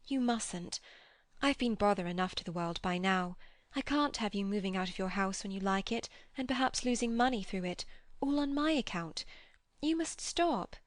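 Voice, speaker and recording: A woman's voice: mid-range voice, lively intonation, moderate pace, dry recording, clean studio sound, close to an everyday voice. A woman reading an audiobook, voicing an anxious, proper young lady who speaks in a raised, pleading way.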